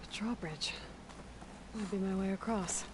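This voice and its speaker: An actress voices a focused young woman hunter from a video game who talks to herself in brief, level lines. Her voice sits in a middle register. Loud game noise runs underneath. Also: mid-range voice, unhurried, close to an everyday voice. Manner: terse, thinking aloud to herself. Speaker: game heroine.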